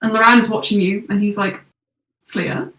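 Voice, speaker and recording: A woman running a tabletop game, narrating scenes and calling rolls in a measured, descriptive way. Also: medium pitch, flat delivery, fairly bright tone, slight background noise. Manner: descriptive, measured narration with quick rules talk. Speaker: game master. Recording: echoey room, voice from far off.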